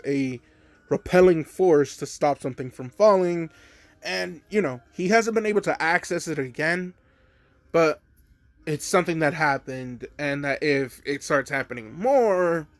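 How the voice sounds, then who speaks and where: A man's voice: a little high, no room sound. A man casually retelling a fan story, rambling with lots of fillers.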